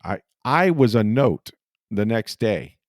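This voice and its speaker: A man's voice: lowish voice, big pitch swings, slow pace, no room sound, clean studio sound. A middle-aged man hosting a podcast, telling a rambling, self-deprecating story in a casual chat, often laughing. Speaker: podcast host and sportswriter.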